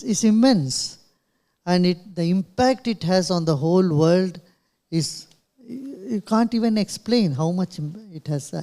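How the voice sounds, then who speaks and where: A man's voice: high-pitched, darkish tone. A man with an Indian English accent answering questions at a press club in short, earnest phrases. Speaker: guest speaker, spiritual leader.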